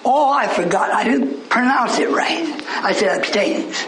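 A man preaching a sermon as pastor, shouting and scolding, then joking with the congregation. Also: high-pitched, rough recording. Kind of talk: fiery preaching.

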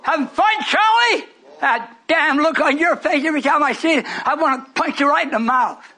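A man in his eighties preaching a sermon, scolding and rambling, breaking into shouts at his congregation. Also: extremely high pitch, normal speed. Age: 80s. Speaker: pastor.

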